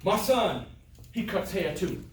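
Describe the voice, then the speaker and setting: Animated speaker in a roomy hall. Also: male voice, high-pitched, slow pace, distant mic, a little hiss or hum. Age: older. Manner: storytelling, plays voices in quotes, jokes with audience. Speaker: motivational speaker. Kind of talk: motivational talk with jokes and stories. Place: classroom of adult students.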